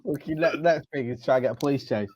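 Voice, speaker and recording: A man's voice: medium pitch, fast, darkish tone, muffled recording. A man, a podcast co-host reacting with short, sweary quips. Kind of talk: casual banter.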